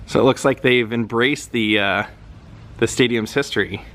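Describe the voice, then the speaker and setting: A man's voice: medium pitch, normal speed, fairly bright tone. A man chatting casually as a vlog host, rambling with frequent ums while walking outdoors around a baseball stadium. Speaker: travel vlogger visiting film locations.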